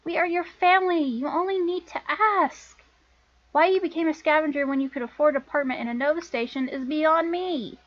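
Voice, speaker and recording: A woman's voice: high voice, fairly quick, dull audio, voice pushed up, lightly acted. A woman voicing an angry, bossy older sister in her twenties who scolds and lectures her younger sibling. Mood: lecturing.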